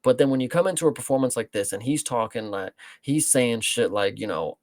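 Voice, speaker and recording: Man, gravelly voice, dry close mic, rambling casual fight talk, swears a lot. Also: mid-range voice, animated, fairly quick, few pauses, dry recording. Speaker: co-host. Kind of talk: casual fight breakdown chat.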